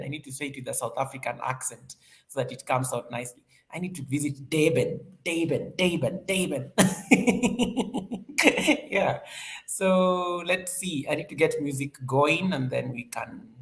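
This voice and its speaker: Livestream host, casual chat, upbeat, repeats phrases, mid-pitched voice. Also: a bit bright. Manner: chatty and upbeat, repeats phrases, laughs often.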